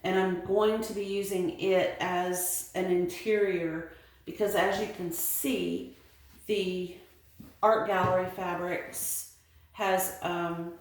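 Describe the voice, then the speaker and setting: A middle-aged Southern woman talks slowly and loosely about her sewing room, filling gaps with ums and restarting her sentences. Her voice sits a little low, and the room around her rings with heavy echo. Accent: Southern American. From American South. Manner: rambling, many ums and restarts. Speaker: sewing vlogger. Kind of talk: casual show-and-tell vlog. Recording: very echoey room.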